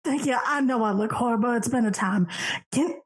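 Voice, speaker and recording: A woman speaking as a player in a tabletop game, hesitant and halting. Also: on the high side. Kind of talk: casual tabletop play.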